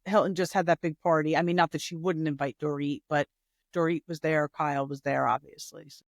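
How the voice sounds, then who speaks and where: A woman's voice: deep voice, steady tone, brisk, no room sound, clean studio sound. A woman co-hosting a podcast who chats casually, rambling through asides and fillers. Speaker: podcast co-host. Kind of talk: casual chat.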